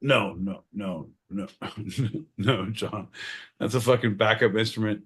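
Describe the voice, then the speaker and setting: A man hosting a podcast, swearing constantly and swinging from shouting to mumbling. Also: lowish voice, takes it slowly, husky. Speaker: podcast host. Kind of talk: crude comedic banter.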